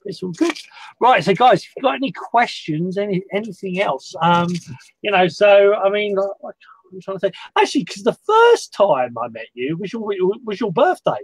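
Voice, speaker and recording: High-voiced man hosting a casual chat. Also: big pitch swings, normal speed, slightly rough, poor audio. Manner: hesitant, many restarts and fillers. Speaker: host. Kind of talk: casual conversation.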